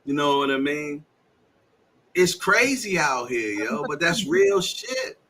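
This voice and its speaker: A man's voice: on the high side, takes it slowly. A man from Washington, D.C. co-hosting a podcast, telling stories in casual chat and acting out the dialogue. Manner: animated storyteller acting out dialogue. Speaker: podcast co-host. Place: live stream setup.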